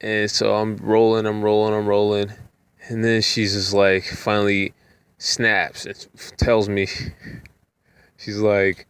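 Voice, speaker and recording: A young rideshare driver spinning a casual story, relaxed and chatty, with lots of repeated filler phrases. His voice sits on the low side and sounds dry and close. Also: slow pace, clear, resonant tone, no echo. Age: young adult.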